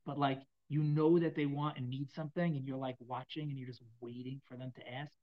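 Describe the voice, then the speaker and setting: A man's voice: mid-range voice, flat delivery, fairly quick, muffled recording. A man teaching a Torah class on Psalms to a live audience, talking casually, repeating phrases and restarting with many fillers.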